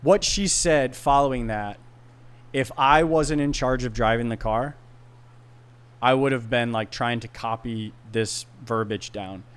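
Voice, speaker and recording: A man speaking as a podcast guest in casual chat, an animated storyteller who slips into voices when he quotes people. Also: mid-range voice, measured pace, clean tone.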